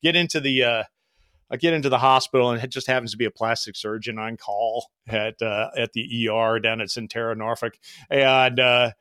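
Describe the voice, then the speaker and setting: Animated storytelling man, dry close sound. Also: mid-range voice, brisk, no room sound. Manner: animated, acts out quoted voices. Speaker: podcast guest telling flying stories. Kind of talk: casual storytelling.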